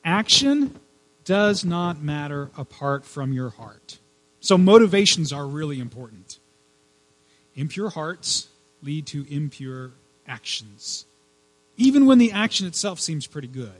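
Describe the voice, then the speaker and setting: Man preaching in a chatty, halting way. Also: on the high side, big pitch swings, rough recording. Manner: conversational preaching with fillers and repeated words. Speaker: pastor. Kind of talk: sermon.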